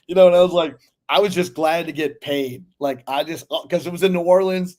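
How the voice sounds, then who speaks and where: A man's voice: on the high side, fast talker, few pauses, a little mellow. Chatty man telling loose showbiz stories. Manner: loose storyteller, lots of fillers and profanity. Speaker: guest actor. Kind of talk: casual interview chat.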